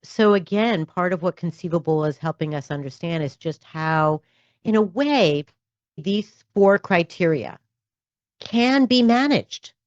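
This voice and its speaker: A woman's voice: on the low side, expressive, measured pace, dry recording, muffled recording. A woman podcast host and doctor in conversational interview, thoughtful and peppered with "you know" asides.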